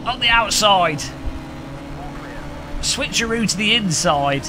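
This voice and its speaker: Lively excitable man streaming a race. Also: a little high, unhurried, pauses often. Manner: excitable, jokey banter with chat. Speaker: live streamer. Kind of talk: live sim racing commentary. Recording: game engine noise behind voice.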